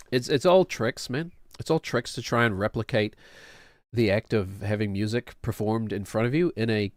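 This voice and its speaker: A man's voice: lowish voice, no echo. Laid-back late-thirties man, dry close mic. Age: late 30s. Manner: chatty, self-deprecating, laughs often. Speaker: streamer and home music producer. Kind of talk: casual rambling explanation.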